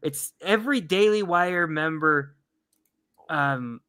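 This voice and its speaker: A man co-hosting a casual podcast chat, retelling stories with animated bursts of mock excitement. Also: on the high side, slow pace, smooth. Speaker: podcast co-host.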